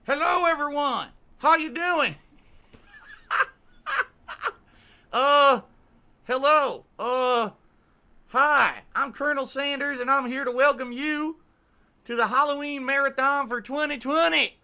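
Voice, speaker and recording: A man playing a loud chicken colonel on a livestream, drawling and calling everyone boy. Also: very high voice, a little slow, heavily acted. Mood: hammy. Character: loud southern fried-chicken colonel, bossy old man. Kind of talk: livestream clip in costume character.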